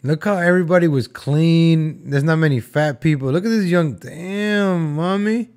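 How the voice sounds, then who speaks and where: A man's voice: on the high side, a little fast, darkish tone. A young man casually joking and rambling as he reacts to old film footage for his viewers. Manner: joking, rambling, talks to viewers as folks and guys.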